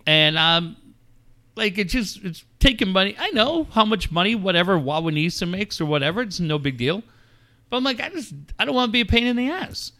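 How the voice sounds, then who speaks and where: A man's voice: sits high, very animated, a little fast, sharp tone. A middle-aged man hosting a radio show, telling a story casually and acting out phone calls in quoted voices.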